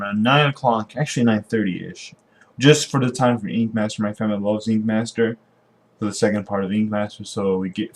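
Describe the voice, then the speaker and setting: Young man, lowish voice, casual vlog talk, rambling, lots of restarts. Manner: rambling, meandering storytelling with many restarts. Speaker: vlogger.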